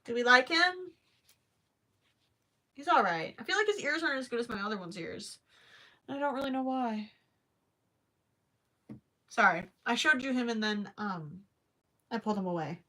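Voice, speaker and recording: A woman's voice: a little high, animated, moderate pace, pauses often, pushed and bright. A young woman hosting a casual crochet livestream, chatting to viewers, apologizing often and giggling as she thinks aloud.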